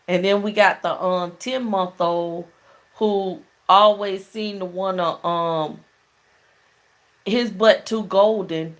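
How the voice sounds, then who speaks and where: Slow-talking chatty woman host. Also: mid-range voice. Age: middle-aged. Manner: chatty, laughing storyteller. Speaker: talk show host. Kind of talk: casual call-in show chat.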